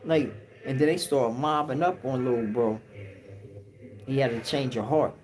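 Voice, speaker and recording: Guy telling a story on stream, slangy, mid pitch, warm dark tone. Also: normal speed, poor audio. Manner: slang-heavy, acts out quotes. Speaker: livestream host. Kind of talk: casual storytelling.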